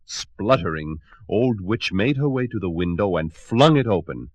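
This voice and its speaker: A man reading a children's storybook aloud with expressive, dramatic narration. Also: sits low, normal speed, dry recording.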